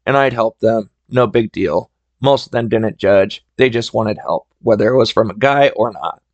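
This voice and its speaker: A man's voice: on the low side, normal speed, dry recording, lo-fi sound. A man hosting a solo storytelling podcast, talking in a chatty, conversational way into a close mic. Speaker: podcast host.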